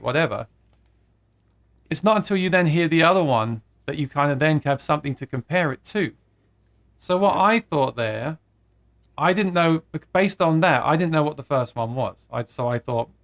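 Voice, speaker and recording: A man's voice: medium pitch, fairly bright tone. A man hosting a live guitar stream, chatting casually, reading viewer comments aloud and laughing at his own jokes.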